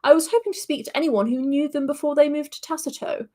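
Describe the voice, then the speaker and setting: A woman's voice: high voice, fast, mellow, pitched above the performer's own voice, lightly acted. A woman voicing an earnest, polite young man who is travelling in search of his family, speaking with careful politeness. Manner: polite and earnest, a little hesitant.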